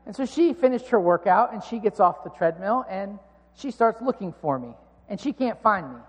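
A man's voice: high-pitched, animated, moderate pace, husky. A man in his thirties preaching a sermon, telling a personal story with earnest, self-mocking humor. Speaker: pastor. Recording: long reverb of a large hall.

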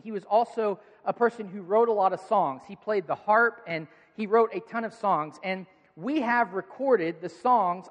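A man with a notably high-pitched voice preaches in an easy, conversational way, earnest and animated as he speaks to his congregation. His voice carries a long reverb from a large hall. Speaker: pastor. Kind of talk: sermon.

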